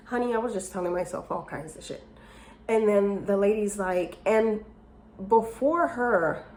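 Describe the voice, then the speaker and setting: A woman casually telling a personal story to her viewers, animated and openly emotional, with many fillers and restarts. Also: mid-range voice, slight background noise. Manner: openly emotional and self-encouraging. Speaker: vlogger telling a life story.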